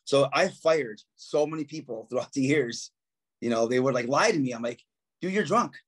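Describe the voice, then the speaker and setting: A man with a slightly rough, mid-range voice, a musician guest on a podcast, tells profane stories in casual chat at normal speed. He acts out quotes and laughs often.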